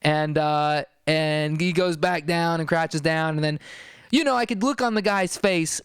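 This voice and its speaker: A man's voice: on the high side, a little slow, smooth, no echo, clean studio sound. A young adult man hosting a podcast, telling a casual story in a wry, rambling way, full of "you know". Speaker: podcast host.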